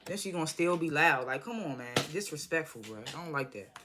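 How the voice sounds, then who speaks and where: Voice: mid-range voice, expressive, a little fast, over music. A vlogger recapping a TV episode in a casual, slangy, profane way, rambling and apologizing often. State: irritated by background noise.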